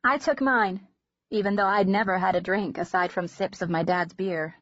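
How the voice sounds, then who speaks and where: A woman narrating an audiobook in a measured, gentle storytelling manner. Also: mid-range voice, fairly even intonation, no echo. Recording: dull lo-fi recording.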